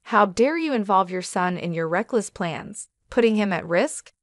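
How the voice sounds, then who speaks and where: A woman's voice: mid-range voice, lively intonation, moderate pace, dry recording, studio quality, lightly acted. A woman voicing a fierce mother confronting her husband in a read-aloud story, firm and indignant.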